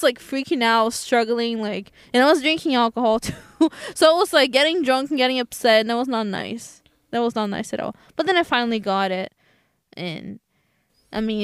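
Female podcast co-host, slightly high and clear, chatty and casual, dry close mic. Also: fairly bright tone, no room sound. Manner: chatty, self-described anxious, "you know" and "right?" fillers. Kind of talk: casual chat.

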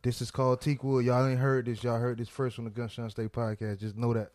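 A man's voice: medium pitch, level tone, brisk, darkish tone, no room sound, clean studio sound. A man hosting a podcast in casual chat, hyping up and introducing a song. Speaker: podcast host.

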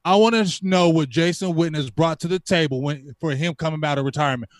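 High-voiced man ranting about sports. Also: quick pace, no echo, studio quality. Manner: emphatic, rants in repeated lines. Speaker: co-host of a sports fan livestream. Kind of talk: casual sports talk.

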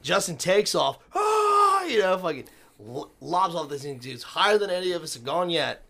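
A man who is a guest on a podcast, telling a story in profane, animated casual chat. He swears freely and acts out the people in his story. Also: sits high, normal speed, creaky.

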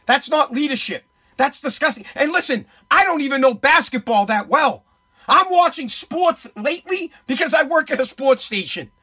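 A man's voice: very high voice, expressive, normal speed, bright, forceful tone. A man, ranting as a sports radio host in profane, emphatic, repetitive bursts. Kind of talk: heated sports commentary rant.

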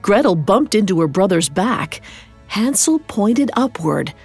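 A woman host reading a scripted story in a measured, dramatic way. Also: mid-range voice, very animated, a little mellow, husky, soft background music. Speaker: podcast host and narrator.

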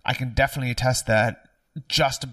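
A man's voice: medium pitch, steady tone, a little fast, fairly bright tone, dry recording, clean studio sound, far from the mic. A man hosting a podcast interview, asking curious questions in a casual, filler-heavy way. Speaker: podcast host.

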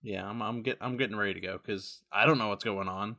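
A man playing in a tabletop role-play, speaking in character in a casual, deadpan way. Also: lowish voice, fast talker, creaky. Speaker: player.

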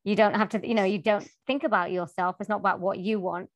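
A British woman, a voice-over artist, chatting as a guest in a remote interview, lively and talkative. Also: mid-range voice, fast talker, no echo. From United Kingdom. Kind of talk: casual interview chat. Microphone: remote call.

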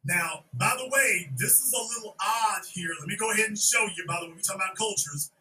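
Loud high-voiced man riffing on video. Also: quick pace, recorded from a distance, rough recording. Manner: animated, riffing, repeats lines, shouts. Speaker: podcast host. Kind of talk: loud comedic video commentary.

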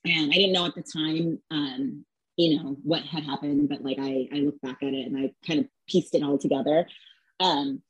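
Chatty thirties woman, lowish breathy voice, lots of likes and ums. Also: steady tone, normal speed, no room sound, muffled recording. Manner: chatty, filler-heavy, acts out quotes. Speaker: guest. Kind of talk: casual storytelling.

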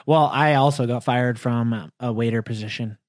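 A man co-hosting a casual chat, telling a relaxed, self-deprecating story. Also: medium pitch, normal speed. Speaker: podcast co-host.

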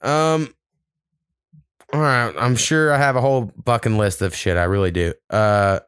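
A man's voice: medium pitch, measured pace, a bit bright, clean tone, no room sound, studio quality. A man hosting a podcast, chatting casually and bluntly, swearing freely. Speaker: podcast host. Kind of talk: casual chat.

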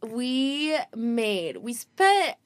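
A woman's voice: a little high, extremely slow, no room sound. A woman co-hosting a late-night casual podcast from a closet, bubbly and laughing as she tells stories. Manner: bubbly, laughing, animated storyteller. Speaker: podcast co-host.

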